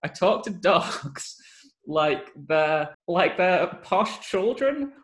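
A man's voice: high-pitched, extremely slow. A young man co-hosting a casual chat, telling jokey stories with playful asides. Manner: lively, jokey storytelling with playful put-on voices.

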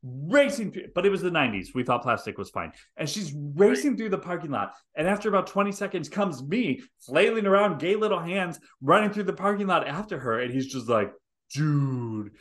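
A man's voice: high-pitched, brisk, hardly any pauses. Middle-aged guy on a podcast telling a wild story, swears a lot, voice jumps all over. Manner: animated, profane storyteller acting out scenes. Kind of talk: storytelling chat.

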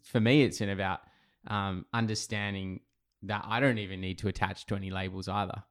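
A man raised in England hosting a casual interview podcast, asking relaxed, thoughtful questions. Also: sits low, brisk. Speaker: podcast host.

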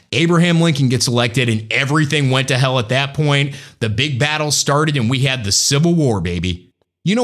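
A man hosting a solo political commentary show, talking in an animated way with sarcastic asides. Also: fairly high pitch. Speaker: podcast host.

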